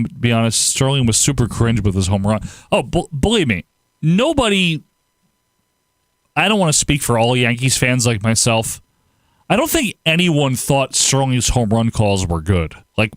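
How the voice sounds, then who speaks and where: A man's voice: medium pitch, no echo. A man, hosting a casual livestream, reading viewer comments and rambling with frequent laughs. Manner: rambling, laughs often, animated outbursts. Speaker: livestream host.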